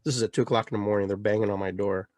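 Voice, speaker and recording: A male podcast host telling a personal story in casual chat, animated and full of restarts. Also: lowish voice, rapid-fire, no echo.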